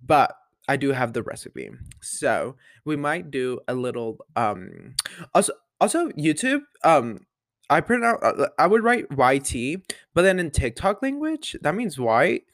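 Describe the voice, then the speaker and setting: A man's voice: a little high, big pitch swings, a little slow, a bit bright, dry recording, studio quality. A young man hosting a casual solo podcast, chatty and bubbly, rambling with playful asides. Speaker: podcast host. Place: bedroom with the window open.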